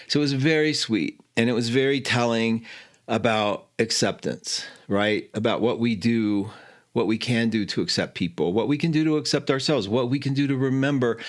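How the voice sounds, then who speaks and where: A man hosting an astrology show tells a personal story with plenty of energy. His voice sits at an ordinary middle pitch, and he keeps jumping higher as he acts out exclamations and quoted lines. The delivery is casual and unscripted. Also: normal speed. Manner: animated, exclaiming, acts out dialogue with laughs.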